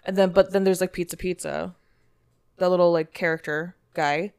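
A woman's voice: fairly low pitch, steady tone, moderate pace, gravelly, a little mellow, smooth. Woman co-host chiming in. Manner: chimes in with short backchannel replies. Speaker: podcast co-host. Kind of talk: casual chat.

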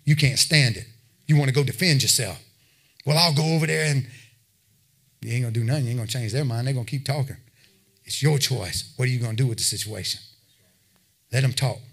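A man's voice: medium pitch, quick pace, gravelly, fairly bright tone, husky. A man preaching a sermon, talking plainly with his listeners and building to emphatic exhortation. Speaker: pastor.

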